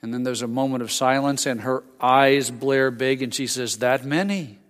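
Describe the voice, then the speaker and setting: A man's voice: mid-range voice, flat delivery, moderate pace, big-room sound. An older man preaching a sermon as a pastor, conversational, with frequent restarts and asides.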